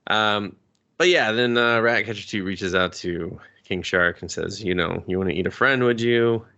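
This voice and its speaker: A man co-hosting a podcast, recapping a film in casual, profane chat and jumping up high in pitch for jokes. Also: normal speed, sharp tone, lo-fi sound. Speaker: podcast co-host. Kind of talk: casual movie review chat.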